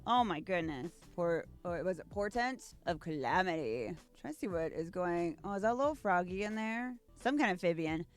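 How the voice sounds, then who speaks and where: A woman's voice: lowish voice, lively intonation, moderate pace, few pauses, faint music behind. Gushing young woman unboxing cards. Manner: gushing, reads card text aloud, giggly. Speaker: card-unboxing YouTuber. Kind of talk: casual card unboxing commentary.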